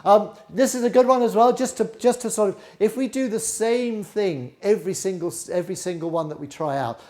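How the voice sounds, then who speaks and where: A middle-aged man teaching a live flute masterclass, encouraging his students and leading them through tongue twisters that he repeats slowly. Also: sits high, a little mellow.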